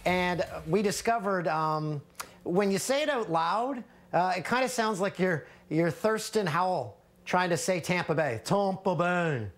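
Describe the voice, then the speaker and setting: A man's voice: high-pitched, lively intonation, a little slow, fairly bright tone. A man co-hosting a sports show from home, joking in a casual way, with plenty of hesitant "uh"s. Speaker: co-host. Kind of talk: sports talk.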